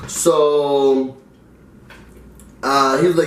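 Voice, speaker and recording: A young New York man with a slightly high voice tells a story at a normal speed, pausing often. He's casual and animated, a vlogger acting out the other people's lines. The recording sounds roomy, with the mic at a distance.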